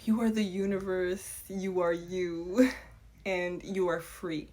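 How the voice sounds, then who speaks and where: A woman's voice: fairly low pitch, flat delivery, takes it slowly, a little mellow. A young woman speaking in an earnest, reflective monologue, building rhythmic lists of repeated phrases. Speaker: host.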